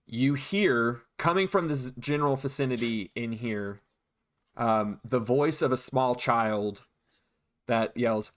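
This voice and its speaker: A man narrating as game master of a tabletop game, describing scenes with frequent pauses and restarts. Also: medium pitch, a bit bright.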